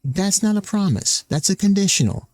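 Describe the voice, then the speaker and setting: A man rants in angry commentary, swearing often and mocking the people he quotes. His voice sits a little high for a man. The sound is dry and close, with no room around it. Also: expressive, normal speed, a little mellow, dry recording. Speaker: streamer.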